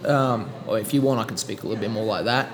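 A man's voice: lowish voice, quick pace. Chatty Australian man, noisy room. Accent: Australian with British inflections. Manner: chatty, rambling, frequent fillers and restarts. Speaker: podcast guest. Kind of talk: casual chat. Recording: audible background noise.

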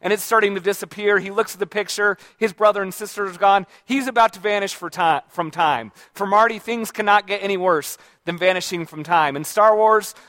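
Man in his own voice, high-pitched, dry close sound, loose conversational lecturer who quizzes the room. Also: fairly quick, hardly any pauses, a bit bright, no room sound. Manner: conversational, with frequent fillers and restarts; checks in with the audience by asking questions. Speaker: speaker giving a talk to an audience. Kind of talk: informal lecture. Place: room with a live audience.

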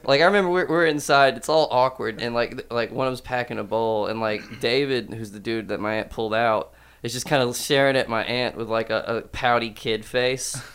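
A young man, from Tennessee, telling a profane, animated story in casual chat full of fillers. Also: medium pitch, brisk, hardly any pauses, clear, resonant tone.

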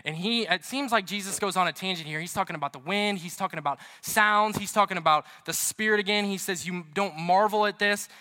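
A man's voice: sits high, fast talker, hardly any pauses, pushed and bright. A man preaching a sermon as pastor, chatty and storytelling, with emphatic repetition. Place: church. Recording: reverberant hall.

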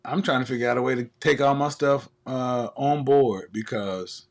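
A man's voice: medium pitch, moderate pace. A man hosting a live stream, ranting in a casual comedic way, profane and laughing often.

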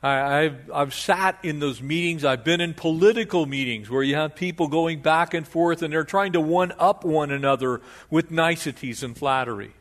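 Animated older man preaching. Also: fairly high pitch, normal speed, few pauses. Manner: animated, conversational, with frequent restarts. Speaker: pastor. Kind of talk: expository sermon.

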